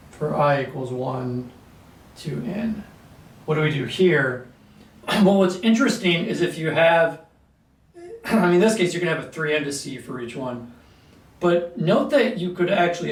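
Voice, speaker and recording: A man teaching a calculus lesson at a whiteboard, clearing his throat often and talking through steps with fillers. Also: fairly high pitch. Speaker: math teacher. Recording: echoey room, mic at a distance.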